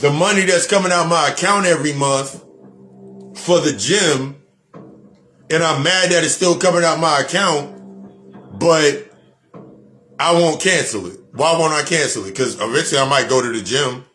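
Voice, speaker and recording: Blunt, preachy man speaking fairly high. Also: moderate pace, pauses often, sharp tone, faint music behind. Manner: preachy, repetitive, blunt with profanity. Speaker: spiritual speaker. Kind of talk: motivational monologue.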